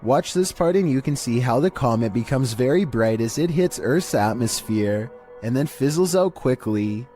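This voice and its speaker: Monotone man narrating scary clips. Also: mid-range voice, normal speed, faint music behind. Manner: monotone, even delivery. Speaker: narrator of a scary video countdown. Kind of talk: scripted narration.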